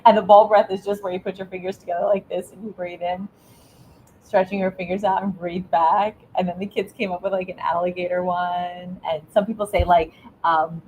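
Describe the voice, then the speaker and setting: A woman's voice: fairly low pitch, fairly even intonation, brisk, slight background noise, rough recording. A middle-aged woman, an educator, answering interview questions with earnest parenting advice, often restarting her words. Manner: earnest, warm coaching tone with frequent restarts. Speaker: guest, educator.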